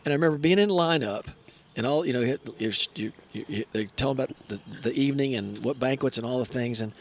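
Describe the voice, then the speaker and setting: Brief: animated male storyteller, mid pitch, light background noise. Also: quick pace. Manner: animated storyteller, acts out quoted voices. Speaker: guest, brother. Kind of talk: casual storytelling chat. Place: mountain cabin.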